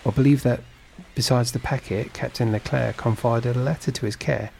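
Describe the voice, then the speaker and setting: A man's voice: medium pitch, steady tone, normal speed, gravelly, darkish tone, a little hiss or hum, natural voice. A man reading a storybook and voicing a sly, envious supercargo with an insinuating manner. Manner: insinuating, scheming.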